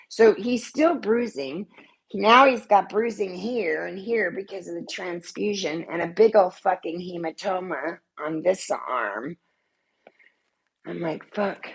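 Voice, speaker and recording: An older woman talks straight to her viewers in a blunt, profane, rambling way. Her voice is gravelly and a little husky, sitting at a middle pitch. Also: low-quality recording. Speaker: vlogger. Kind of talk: casual chat to camera.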